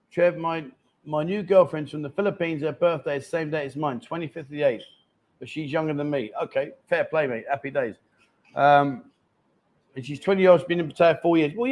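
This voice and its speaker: A man in his fifties hosting a live chat show, joking and teasing guests and viewers in casual banter. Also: fairly high pitch. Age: 50s.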